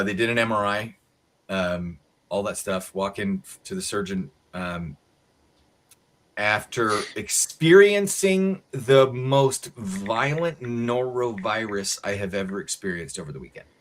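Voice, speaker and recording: An American man, co-host of a casual talk show, telling a story in a lively way and acting out the voices of the people in it. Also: fairly low pitch, unhurried. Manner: animated storyteller acting out quotes.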